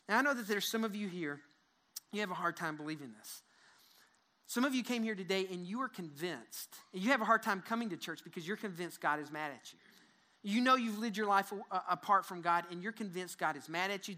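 A pastor preaches at a church service with a bright, forceful tone. The delivery is earnest and direct, with repeated words and restarts. Mid-sermon, the pastor leads the listeners through a prayer. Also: medium pitch. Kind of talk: sermon to a live congregation.

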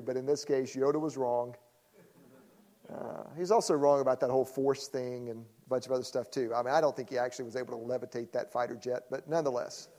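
A man's voice: mid-range voice, steady tone, brisk, mellow. A middle-aged male pastor teaches a church audience in a loose, conversational way, teasing people in the crowd and acting out the people he quotes. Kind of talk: conference teaching talk.

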